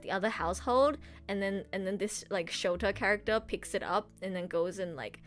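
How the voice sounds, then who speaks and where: A woman voice actress chatting casually on a livestream, excitable and gushing, laughing often. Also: medium pitch, brisk. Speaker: streamer and voice actress.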